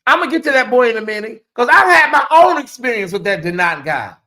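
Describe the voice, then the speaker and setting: A livestream host delivers brisk, live gossip commentary, blunt and profane, with an animated delivery and big swings in pitch.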